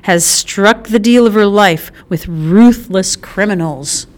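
A woman's voice: mid-range voice, takes it slowly, natural voice. A woman voicing a self-important male TV reporter who intones his lines. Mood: pompous. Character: pompous male TV news reporter.

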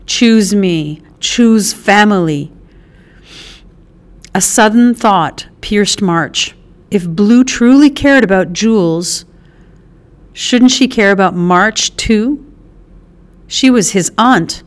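A woman reading a novel aloud as an audiobook narrator, measured and unhurried. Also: mid-range voice, lively intonation. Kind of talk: scripted narration.

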